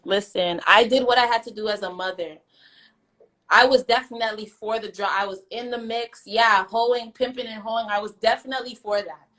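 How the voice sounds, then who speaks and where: A young female vlogger with a steady, somewhat bright voice on the high side speaks at normal speed, though the audio is poor. Ranting through a story time about her side of things, she's defiant and blunt, swearing a lot and repeating herself for emphasis.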